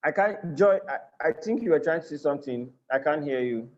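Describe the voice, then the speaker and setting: A man's voice: on the high side, animated, fairly quick, a little mellow, highs cut off. A man with a Nigerian accent teaching a live online class. He speaks earnestly, often repeats and restarts his phrases, and checks in with his listeners. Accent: Nigerian English. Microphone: video call.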